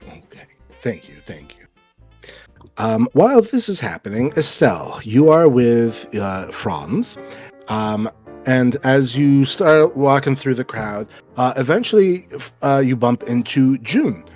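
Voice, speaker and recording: A man's voice: mid-range voice, very animated, slow, a little mellow, faint music behind. A man narrating as game master of a tabletop game, in casual, filler-heavy speech.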